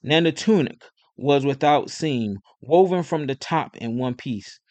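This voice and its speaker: A man reading scripture aloud in an even, steady manner. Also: on the high side, measured pace, dry recording. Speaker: scripture reader.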